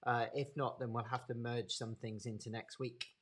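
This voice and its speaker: Man, Birmingham accent, anatomy lecturer, casual webinar, chatty, middle pitch. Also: level tone, fairly bright tone. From English Midlands. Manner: chatty, unhurried, stops to greet attendees by name. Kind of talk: informal live webinar lecture.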